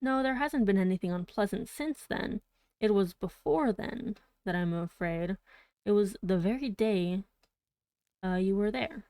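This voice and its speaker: A woman reading the lines of a worried old male servant who speaks in a halting, rambling way. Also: mid-range voice, warm tone, dry recording, close to an everyday voice. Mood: fretful. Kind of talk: audiobook reading.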